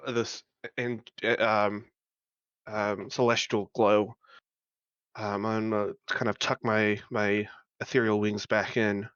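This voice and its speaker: A man describes his character's moves in a tabletop game, speaking slowly and searching for words. His voice sits in a middle range, and the recording is dry and dull. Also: fairly low pitch, fairly bright tone, clear, resonant tone, no echo. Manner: slow, halting, with many fillers. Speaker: player. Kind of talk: playing a tabletop character in character narration.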